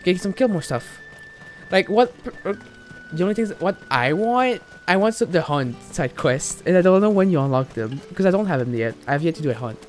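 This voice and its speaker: A woman streaming a video game, chatting in an excitable, giggly, rambling way. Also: on the low side, a little fast, faint music behind. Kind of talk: casual gameplay commentary.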